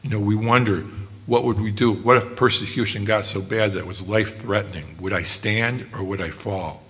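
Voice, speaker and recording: Low-voiced, earnest male preacher. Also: steady tone, a bit bright. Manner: earnest, measured, slows on quoted passages. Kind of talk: sermon.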